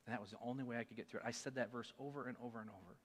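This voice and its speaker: A man's voice: medium pitch, fairly even intonation, rapid-fire. Earnest man preaching in a reverberant hall. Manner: earnest, swings from hushed to emphatic. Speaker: church speaker sharing a testimony. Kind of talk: sermon testimony. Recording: long reverb of a large hall.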